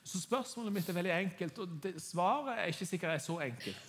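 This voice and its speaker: Brief: quick male sermon interpreter, restarts, high voice. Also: expressive, a bit bright.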